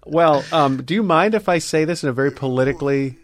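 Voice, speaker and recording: A man's voice: on the high side, quick pace. A man co-hosting a radio talk show, chatting casually in a rambling way that restarts sentences. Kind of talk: casual chat.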